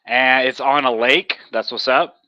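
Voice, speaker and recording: A young man with a light Texan accent chats in a loose, rambling way, with plenty of fillers. His voice is bright and forward, recorded dry and close. The sound is a little dull and lo-fi. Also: medium pitch, fairly even intonation, unhurried, dry recording. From Texas. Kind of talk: casual chat.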